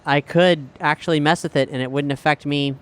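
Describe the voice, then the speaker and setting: A man playing his character in an improvised role-play, relaxed and wry, swearing casually. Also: on the high side, a little fast, clean tone. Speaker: player.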